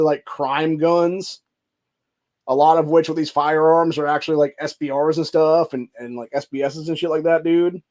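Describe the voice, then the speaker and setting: A man's voice: on the high side, darkish tone. A man hosting a livestream, ranting angrily with constant cursing and saying "dude" a lot. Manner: angry, heavy cursing, says "dude" often. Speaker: show host. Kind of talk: profane livestream rant.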